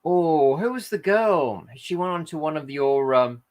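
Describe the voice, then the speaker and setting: A chatty male channel host with a very animated pitch reads viewer comments on a casual live-stream, speaking unhurriedly. He rambles, loses his thread and corrects himself.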